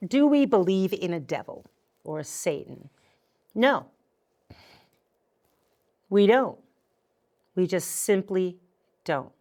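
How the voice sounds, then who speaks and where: A woman's voice: on the low side, a little mellow. A middle-aged woman hosting a community TV talk show, explaining things patiently and with firm emphasis in places. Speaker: host.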